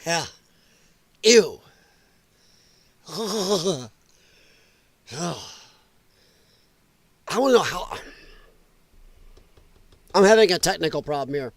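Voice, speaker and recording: A man's voice: on the high side, animated, extremely slow, long pauses, no room sound. A middle-aged man hosting a podcast, reacting to clips with mocking comments, exclamations and frequent laughs. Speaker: host.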